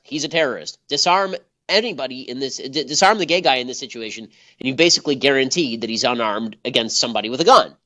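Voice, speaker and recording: A man rattles off a combative commentary monologue at high speed. His voice is bright and forceful. He sounds scornful throughout. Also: highs cut off. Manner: scornful, rapid-fire ranting. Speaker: political commentary host.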